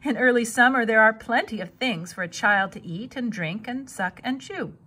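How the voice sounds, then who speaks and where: A woman reading a children's novel aloud with expressive storytelling. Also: a little high, moderate pace, slight background noise. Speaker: reader.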